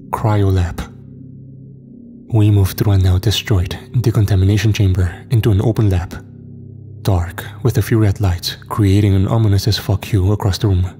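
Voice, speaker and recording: Brief: male horror narrator, low mellow voice, steady and grim, faint music underneath. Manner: steady, grim first-person storytelling.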